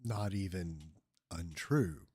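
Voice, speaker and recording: A man hosting a livestream rants over clips with sarcastic political commentary, mocking people by repeating their words. His deep voice is slow, a little mellow and husky, captured in a dry recording.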